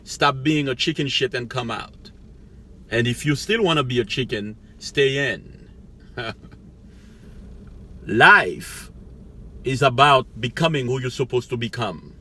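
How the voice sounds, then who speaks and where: A man's voice: mid-range voice, expressive, slow, long pauses, sharp tone. A middle-aged man giving a rambling motivational monologue as a life coach, preachy, laughing to himself now and then. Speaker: life coach, channel host.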